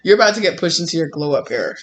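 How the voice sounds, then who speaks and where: Chatty tarot reader, bright voice, laughs a lot, acts out little scenes. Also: mid-range voice, rapid-fire, slight background noise. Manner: animated, laughing, acts out quotes. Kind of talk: casual spiritual reading.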